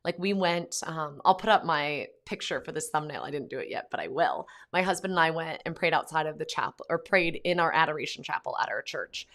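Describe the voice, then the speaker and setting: A woman's voice: low voice, expressive, brisk, hardly any pauses, a bit bright. A woman, a mother, talking casually to camera in a vlog from home, with lots of "like" and "um" fillers. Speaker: Catholic pro-life vlogger, mother.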